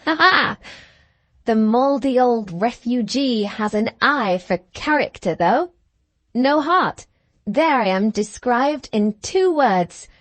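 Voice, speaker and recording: A hard, bitter young schoolgirl full of satirical scorn, read by a woman in an audiobook. Her voice sits fairly high and swings widely as she mocks and shows off. The sound is dry and close. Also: animated, takes it slowly, few pauses, dry recording. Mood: scornful. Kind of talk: audiobook character reading.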